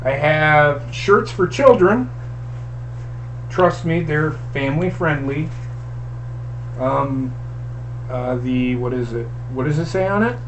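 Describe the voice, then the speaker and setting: A man's voice: a little high, lively intonation, slow pace, pauses often, a little hiss or hum, low-quality recording. A man hosting a casual online show, blunt and profane, half joking. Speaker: show host. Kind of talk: casual chat.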